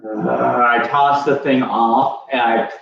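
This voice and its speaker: A man at a tabletop game talks in a slow, hesitant way while he argues over the rules. He sits far from the mic in a very echoey room, and the sound is dull with a faint hiss. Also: mid-range voice, steady tone, gravelly. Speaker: player. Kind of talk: casual table talk.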